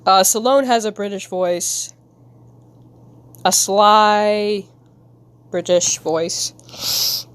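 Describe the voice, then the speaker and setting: Smooth and medium-pitched, this woman's voice stretches out words and leaves long pauses. She's a streamer chatting casually with viewers as she draws, giggling and rambling in a silly manner.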